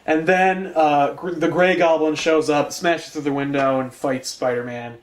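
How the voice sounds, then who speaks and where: A man's voice: on the high side, steady tone, measured pace. A man co-hosting a casual comic book podcast, ranting and swearing with laughter. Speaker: podcast co-host.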